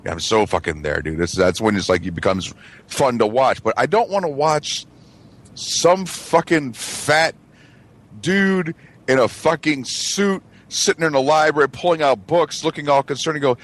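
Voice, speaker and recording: A man's voice: medium pitch, normal speed. Swearing, mocking man on a radio chat. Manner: emphatic, swearing, mocking impressions. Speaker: radio show co-host. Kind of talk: casual profane chat.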